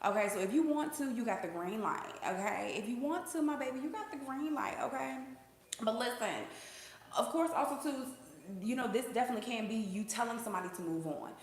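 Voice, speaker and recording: A woman's voice: a little high, animated, brisk, a little hiss or hum. A woman hosting a casual spiritual reading, talking to viewers in a slangy, chatty way and often checking in with "okay?". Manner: breaks into sung snippets. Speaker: intuitive reader, channel host. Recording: echoey room.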